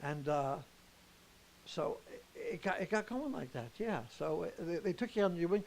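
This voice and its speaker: A man's voice: on the high side, lively intonation, normal speed, gravelly, darkish tone, rough recording. An older man, a comedian and the show's host, telling rambling anecdotes in a backstage interview at a theater.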